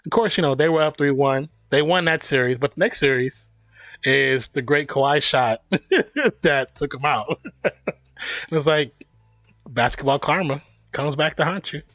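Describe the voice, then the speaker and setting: With a fairly high, fairly bright voice at normal speed and long pauses, a streamer calls a basketball game for a live watch party. He offers jokey, opinionated fan commentary and cracks himself up. The recording is dry.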